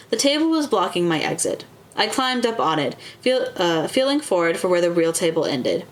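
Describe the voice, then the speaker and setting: A woman's voice: on the low side, big pitch swings, normal speed. A woman streamer who reads a book aloud and chats casually, full of fillers. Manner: chatty, filler-heavy between reading. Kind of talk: audiobook-style reading and casual chat.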